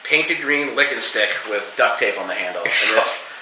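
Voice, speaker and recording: A man telling a loud, profane bartending story on a podcast, acting out each quote. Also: lowish voice, moderate pace, roomy sound, a crowd in the background, poor audio. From New England. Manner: animated, profane, acts out quotes. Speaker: podcast guest. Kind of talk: casual storytelling.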